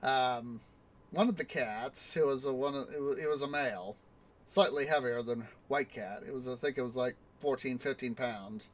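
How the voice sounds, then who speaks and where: A man's voice: medium pitch, normal speed. A man streaming a city-building game, chatting casually and telling a rambling story full of fillers and restarts. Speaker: gaming streamer. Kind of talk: casual let's-play chat and storytelling.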